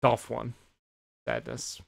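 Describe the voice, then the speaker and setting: A man co-hosting a podcast, swearing freely in an animated, casual recap of the week. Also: mid-range voice, slow pace, vocal fry. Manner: animated retelling, heavy swearing. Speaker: podcast co-host. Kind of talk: casual chat recapping wrestling.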